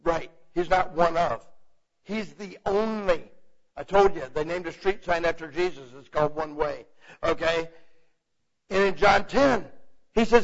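This preacher's fairly high voice moves a little slowly as he teaches the Bible in an informal, conversational style. Animated throughout, he often checks in with "okay?", and the recording is muffled and lo-fi.

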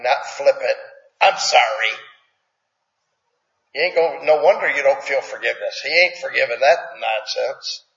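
A man's voice: medium pitch, a bit bright. Preacher man in an echoey hall. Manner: conversational, asks the congregation questions; plainspoken, folksy. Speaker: pastor. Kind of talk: sermon. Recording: echoey hall, dull lo-fi sound.

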